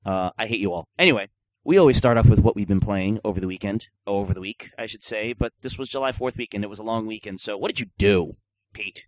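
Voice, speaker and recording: A man's voice: fairly low pitch, quick pace, no echo. A man hosting a gaming podcast in casual chat, joking and rambling with lots of filler words. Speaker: podcast host.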